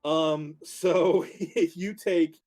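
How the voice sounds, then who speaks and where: Relaxed male dungeon master narrating. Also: a little high, extremely slow, rough recording. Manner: relaxed, descriptive, with fillers and restarts. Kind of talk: narrating a tabletop game.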